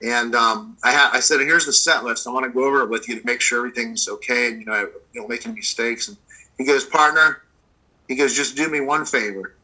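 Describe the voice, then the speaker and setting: Bright-voiced man telling stories on a video call. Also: medium pitch, fast talker, poor audio. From United States. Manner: rambling, relaxed storyteller with many fillers. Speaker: blues guitarist guest. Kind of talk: casual interview storytelling.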